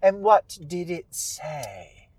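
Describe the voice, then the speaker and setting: A man voicing a haughty widow witch over a hundred years old, who speaks in a slow, condescending, theatrical drawl. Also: a little high, very animated, a little mellow, dry recording, voice pushed up, full character voice.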